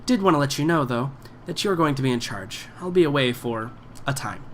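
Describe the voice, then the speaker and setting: A man's voice: mid-range voice, expressive, a little fast, slight background noise, close to an everyday voice. A poised woman crime boss voiced by a man who smiles while she threatens. She talks down to everyone with a silky, patronizing politeness in a tabletop role-play. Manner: silky, condescending, calls people dearie. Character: poised, knowing woman crime boss, smiling but coldly menacing.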